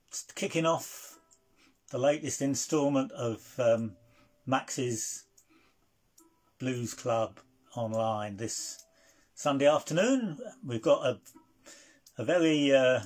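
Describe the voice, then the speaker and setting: A man hosting an online blues club in casual live-stream chat, halting and hesitant with many fillers. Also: mid-range voice.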